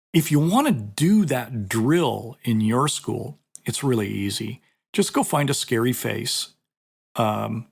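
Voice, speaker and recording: A middle-aged martial arts instructor tells a story in a casual, conversational monologue packed with fillers. His mid-range voice has vocal fry and a breathy edge.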